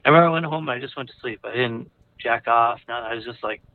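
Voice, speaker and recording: This time the audio is narrow and tinny, and the man's mid-range voice comes rapid-fire. He stumbles through a personal, confessional anecdote, meandering with fillers, false starts and anxious chuckles.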